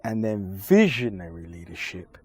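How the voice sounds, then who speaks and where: A man being interviewed, arguing his points in a forceful, lecturing way with deliberate pauses. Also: low voice, sing-song, breathy edge, dry recording. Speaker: interview guest. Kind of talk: emphatic conversational argument.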